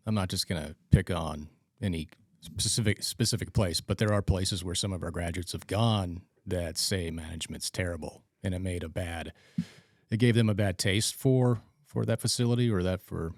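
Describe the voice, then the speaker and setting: Male podcast host, very low voice, dry close sound; rambling, chatty delivery. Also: normal speed, a little mellow, dry recording. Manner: rambling, restarts and acts out quoted exchanges. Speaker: podcast host and trainer instructor. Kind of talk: casual chat.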